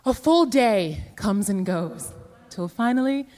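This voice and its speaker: A woman's voice: medium pitch, animated, slow, warm tone. A woman earnestly telling her own life story in the first person, her voice emotional and her pace shifting.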